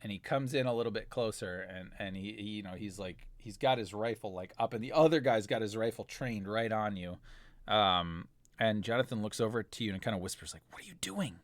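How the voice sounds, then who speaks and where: A man's voice: on the low side, a little fast, no room sound. A man narrating a tabletop role-playing game as game master, talking in a loose, rambling way full of fillers.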